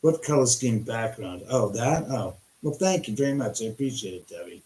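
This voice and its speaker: A man hosts a livestream from home and tells a story in a rambling, excited way, with frequent restarts and casual swearing. His voice sits mid-range. The room around him is echoey. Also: mid-range voice, normal speed, heavy background noise. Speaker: livestream host. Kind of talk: live-stream storytelling. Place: his house.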